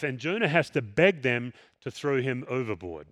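A man delivers a sermon in a casual, storytelling manner, slipping into the voices of the people in the story. His voice sits at an ordinary middle pitch. The sound is close and dry, with almost no room echo. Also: normal speed, hardly any pauses. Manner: conversational, animated storytelling with acted quotes. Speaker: pastor.

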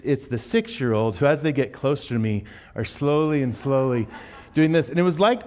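A man preaching a sermon in a church, telling a funny story with lively acted-out quotes before turning to his teaching. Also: fairly high pitch. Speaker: pastor. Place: church auditorium.

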